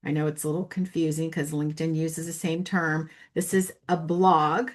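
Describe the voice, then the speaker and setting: A middle-aged woman teaching a marketing workshop, chatty and animated, telling stories and tagging her points with "right?". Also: deep voice, normal speed. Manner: chatty, animated storyteller, frequent "right?" tags. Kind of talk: webinar teaching with anecdotes.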